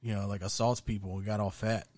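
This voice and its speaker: A man's voice: lowish voice, level tone, fast, a little mellow, no echo, studio quality. A man hosting a podcast in casual chat, joking and a little unsure as he rambles. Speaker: podcast host.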